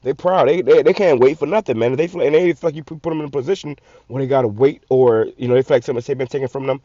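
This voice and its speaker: A channel host fires off blunt, profane commentary on a video, often repeating and restarting words. His medium-pitched voice is rapid and dark in tone. The audio is muffled and lo-fi, with no room sound.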